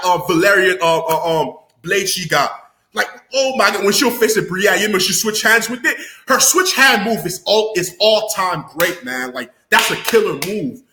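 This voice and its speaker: A young man giving an excited, slangy recap of a TV episode, swearing freely and breaking into loud exclamations. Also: high-pitched, echoey room. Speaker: YouTuber reviewing a TV episode.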